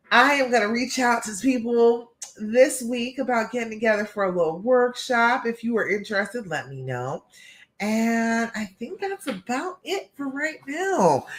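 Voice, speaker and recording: A woman's voice: fairly low pitch, fairly bright tone. A woman hosting a live stream as a love coach, talking encouragingly and often checking in with her listeners. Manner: encouraging, keeps checking in with "okay?".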